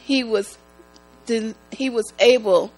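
A woman giving a church testimony, speaking in a slow, halting, emotional way. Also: a little high, rough recording. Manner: slow, halting, emotional, prone to rising excitement. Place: church sanctuary. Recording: mains hum in the background.

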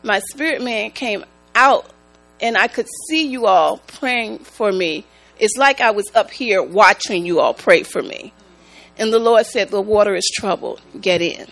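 A woman giving a church testimony, speaking in a slow, halting, emotional way. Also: fairly high pitch, rough recording. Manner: slow, halting, emotional, prone to rising excitement. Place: church sanctuary. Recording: mains hum in the background.

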